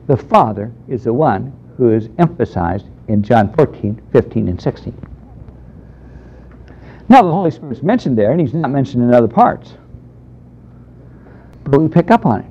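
A man's voice: medium pitch, big pitch swings, normal speed, long pauses, darkish tone. A man teaching a Bible class in a conversational, emphatic way, taking questions from the room. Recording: dull lo-fi lecture recording.

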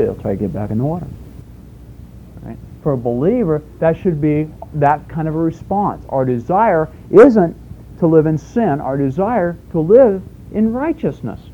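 A man delivers a sermon as if chatting with his listeners, with rhetorical questions and everyday stories. His voice is deeply mellow and dark, and a faint low rumble sits underneath it. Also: poor audio. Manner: conversational preaching with rhetorical questions and homespun stories. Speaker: preacher.

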